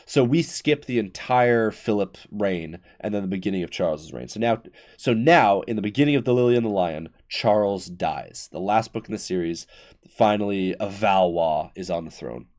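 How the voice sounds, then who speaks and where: A young man casually retelling a book series on his podcast, excited and rambling, with lots of fillers and restarts. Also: fairly low pitch, normal speed. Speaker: podcast host. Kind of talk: casual history chat.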